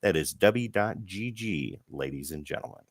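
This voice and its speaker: A man with a lowish voice co-hosts a comic book podcast, reading sponsor spots with playful showmanship. The sound is dry and close, with no room echo. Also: animated, normal speed. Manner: joking, showman-like ad reads. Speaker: podcast co-host. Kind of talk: casual chat and sponsor reads.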